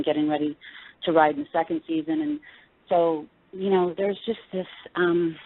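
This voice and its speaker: A woman's voice: fairly low pitch, no echo. A woman in her forties, an interview guest chatting casually, laughing often and searching for her words. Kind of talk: casual chat. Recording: tinny phone line.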